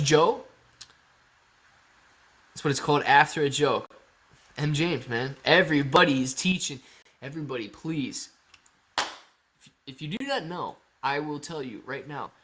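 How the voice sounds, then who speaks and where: Upbeat young guy from Ohio, stock stream host, chatty and joking, a touch higher pitched. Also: moderate pace, long pauses, fairly bright tone. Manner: upbeat, jokey, talks to chat and a dog. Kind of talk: casual live chat reading comments.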